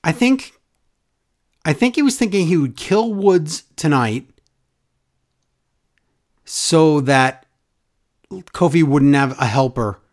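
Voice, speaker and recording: Animated, mocking man on a podcast. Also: a little high, slow pace, long pauses. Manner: animated, mocking, acts out quoted wrestlers in exaggerated voices. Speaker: wrestling podcast host. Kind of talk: casual opinionated chat.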